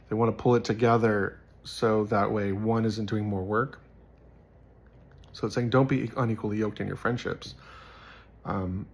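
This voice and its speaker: A man's voice: on the low side, gravelly, breathy edge. A man giving a casual Bible teaching, earnest and rambling, telling personal stories and repeating phrases for emphasis.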